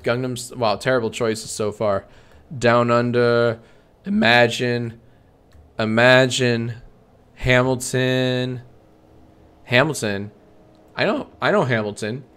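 A man's voice: medium pitch, clear, resonant tone. Male streamer with a mid-range voice doing a dry, sarcastic comedy bit with himself. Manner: deadpan sarcastic banter, frequent swearing.

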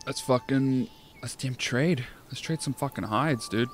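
A man giving casual let's-play commentary, thinking aloud, swearing often and getting excited. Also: mid-range voice, unhurried, slight background noise. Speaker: gameplay streamer. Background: game music.

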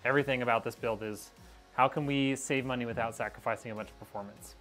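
A man speaks fast in a steady, mid-range voice that's a bit bright, with faint music behind him. Chatty and rambling, he talks to his viewers as "y'all" during a casual live stream where he's building a PC, a little out of breath, miked with a wireless clip-on.

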